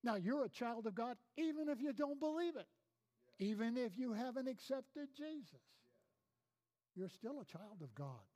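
A man's voice: very high-pitched, big pitch swings, normal speed, darkish tone. A male pastor delivering a sermon, emphatic, repeating key phrases and telling personal stories. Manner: emphatic preaching with repeated phrases and storytelling asides.

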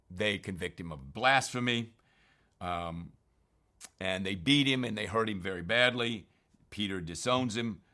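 Emphatic man with a bright, forceful voice. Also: fairly low pitch. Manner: earnest, emphatic, with frequent fillers and restarts. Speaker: Bible teacher. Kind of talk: informal scripture commentary.

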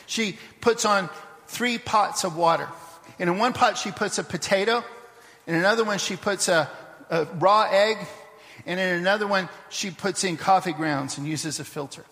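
High-voiced pastor preaching in a reverberant church. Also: male voice, pushed and bright. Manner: conversational preaching, storytelling with restarts. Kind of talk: sermon. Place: church sanctuary.

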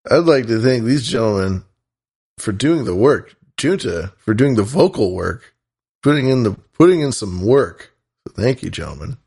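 A man's voice: medium pitch, animated, normal speed, vocal fry, slightly rough. A man co-hosting a casual podcast, joking around and reading out thanks to listeners. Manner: joking, reads listener shout-outs. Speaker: podcast co-host.

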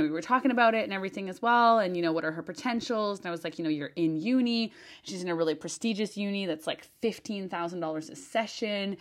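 A woman hosting a monologue podcast who talks in a chatty, animated way, with lots of fillers, restarts and emphatic swearing. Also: on the low side. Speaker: podcast host and business advisor.

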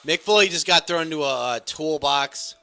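A man co-hosting a podcast, giving casual, profane commentary over a wrestling show, exasperated and ranting, dropping to mutters and then jumping to shouts. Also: a little high, moderate pace, clean tone. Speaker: podcast co-host.

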